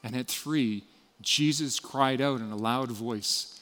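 A man's voice: medium pitch, takes it slowly. Man preaching in a reverberant hall. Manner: storytelling, dramatic shifts between loud and hushed. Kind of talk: sermon.

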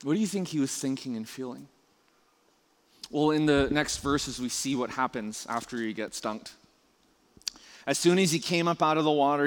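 A man preaching a conversational sermon, chatty and full of restarts and rhetorical questions. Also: medium pitch. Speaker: pastor. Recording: long reverb of a large hall.

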